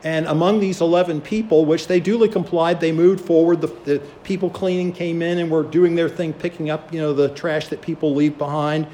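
A man's voice: on the high side, steady tone, a little fast, hardly any pauses, mellow, a little hiss or hum. A man preaching a sermon, telling a story and acting out the voices of its people. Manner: storytelling, acts out quoted voices.

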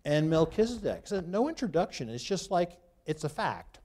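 A man teaching a Bible class reads scripture aloud, then breaks off into loose asides with restarts as he points things out on a map. His voice is fairly high and warm, with big pitch swings and a moderate pace.

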